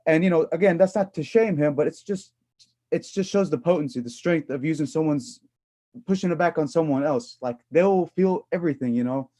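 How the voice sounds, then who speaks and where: A man on a panel retelling a conversation in a casual, animated way, often starting with a hesitant "uh". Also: fairly high pitch, fairly quick. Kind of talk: casual storytelling.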